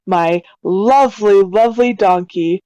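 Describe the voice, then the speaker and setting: A woman's voice: mid-range voice, unhurried, mellow, poor audio. A woman playing a tabletop game online, chatty and playful as she describes her character. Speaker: player.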